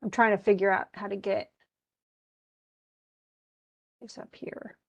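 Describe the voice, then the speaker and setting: A woman's voice: medium pitch, little pitch movement, a little fast, vocal fry. A woman teaching a live online class, chatty, explaining with asides and voicing what students might think, on a computer mic.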